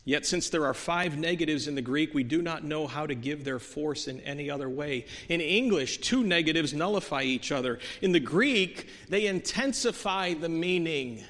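A man preaching a sermon in a church, earnest, moving from soft, quiet stretches to emphatic peaks, with many restarts. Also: on the high side, animated, moderate pace, hardly any pauses. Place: church sanctuary. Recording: long hall reverb.

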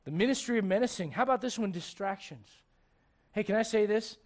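A man preaching a sermon in church, humorous and animated, dropping to quiet asides and rising to shouts. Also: high voice, a little fast. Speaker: pastor.

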